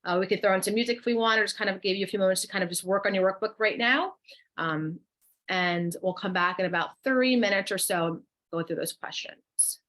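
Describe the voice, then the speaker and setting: A woman's voice: mid-range voice, fairly quick, fairly bright tone. Chatty coach woman with New Jersey accent. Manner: chatty, encouraging, guides breathing exercises. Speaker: wellness coach co-hosting a workshop. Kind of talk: live webinar, reading chat replies.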